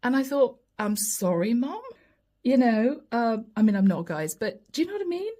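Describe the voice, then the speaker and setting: A tarot reader gives a lively, chatty reading to camera, often acting out quoted voices and slipping in asides. Her voice is on the high side and brisk.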